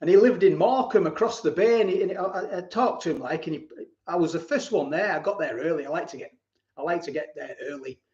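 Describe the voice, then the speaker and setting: A man's voice: a little high, quick pace, darkish tone. Rambling man in a roomy space. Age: 40s. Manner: rambling, repeats words, chuckles often. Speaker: live-stream host. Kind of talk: casual live-stream chat and storytelling. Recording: roomy, dull lo-fi home stream.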